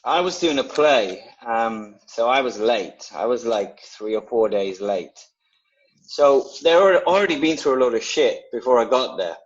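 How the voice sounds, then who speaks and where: A man, an actor guest, telling a lively anecdote in casual talk on a video call, swearing freely. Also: medium pitch, unhurried, muffled recording. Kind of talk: casual storytelling.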